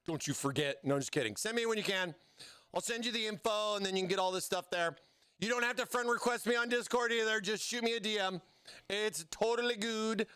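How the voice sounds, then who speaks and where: Hyped, bright-voiced livestream host man. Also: high voice, smooth, no echo, studio quality. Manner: hyped, slangy, calls viewers baby and bro. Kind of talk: casual livestream chat.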